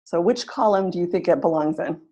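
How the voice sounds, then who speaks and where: A woman's voice: on the low side, a little fast, mellow. Encouraging woman teaching pronunciation online. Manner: clear, encouraging teacher, exaggerates stress on modeled words. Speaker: webinar facilitator. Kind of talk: online teacher-training webinar.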